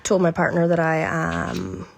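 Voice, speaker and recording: A woman's voice: on the low side, little pitch movement, unhurried, vocal fry. A woman telling a rambling, swear-filled confession in a voice note, laughing as she goes. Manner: laughing, tumbling, swears freely. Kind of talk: casual storytelling. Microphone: phone voice note.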